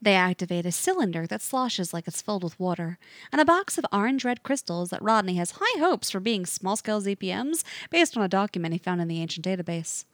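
A woman narrating a fiction story aloud with an expressive, varied delivery. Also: medium pitch, fairly quick, no echo.

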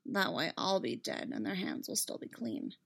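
A woman's voice: sits low, very animated, moderate pace, vocal fry, a bit bright, pitched below the performer's own voice, exaggerated voice. A woman reading aloud, voicing a grim male Jedi knight in a wry, clipped, urgent way. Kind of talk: fan fiction read aloud.

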